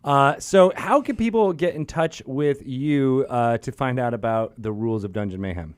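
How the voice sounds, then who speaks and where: A man's voice: medium pitch, moderate pace, clean tone, no echo, studio quality. A man co-hosting a podcast in casual banter, playful and laughing often, trailing off mid-sentence. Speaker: podcast co-host.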